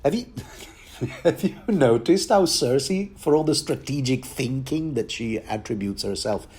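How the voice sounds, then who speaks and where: A man's voice: medium pitch, animated, unhurried, darkish tone, breathy edge. A man giving a rambling, chatty commentary on a book, with many restarts and bits of laughter. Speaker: podcast host reading and commenting on a book.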